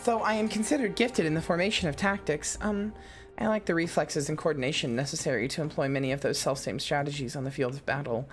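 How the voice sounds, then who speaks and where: A man's voice: fairly high pitch, quick pace, soft background music, pitched above the performer's own voice, lightly acted. A man voicing a timid, stammering young woman tactician, reading game dialogue with many hesitant ums. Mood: nervous.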